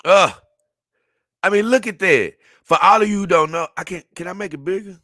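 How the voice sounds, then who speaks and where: Man, casual reactor, bright voice, dry close sound, animated and exclaiming. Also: sits high, brisk, dry recording. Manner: animated, exclaiming and laughing, dips into mock voices. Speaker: video reactor.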